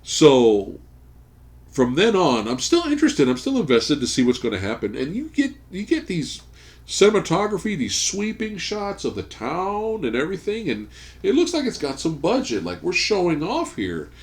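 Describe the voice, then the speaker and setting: A man hosting a podcast, casually recapping a movie plot as an animated storyteller who swears freely. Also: a little high, normal speed. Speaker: podcast host. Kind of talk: casual movie review chat. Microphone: studio podcast mic.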